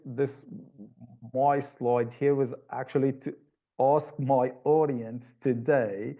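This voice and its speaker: A man presenting a webinar over a video call, his voice dark and gravelly. He explains his points patiently, often restarting a phrase before going on. The audio sounds slightly dull and muffled. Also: mid-range voice. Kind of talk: online presentation talk.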